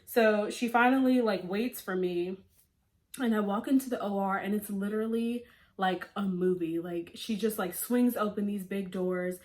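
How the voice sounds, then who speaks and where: A woman's voice: mid-range voice, moderate pace. A young woman vlogger telling a personal story in a chatty, casual way, full of "like" fillers and quoted lines. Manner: chatty, frequent "like" fillers, animated quoting. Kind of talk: storytime vlog.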